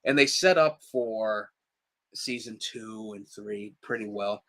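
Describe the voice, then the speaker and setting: This podcast co-host has a low-leaning, fairly bright voice and talks slowly. The conversation is casual and lively, and he laughs a lot and performs quotes as he goes.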